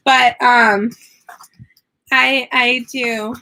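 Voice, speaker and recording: A young woman, an online English teacher, chatting casually from her home classroom in an animated way. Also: fairly high pitch, drawn-out words. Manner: animated, switches into playful sing-song teaching voices. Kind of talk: casual chat.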